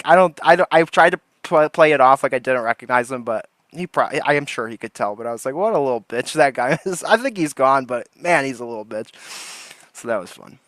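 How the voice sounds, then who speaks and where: A man's voice: medium pitch, a bit bright, dry recording. Rambling man streamer, dry close sound. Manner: rambling storytelling, laughs often. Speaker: livestream host. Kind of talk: casual livestream chat.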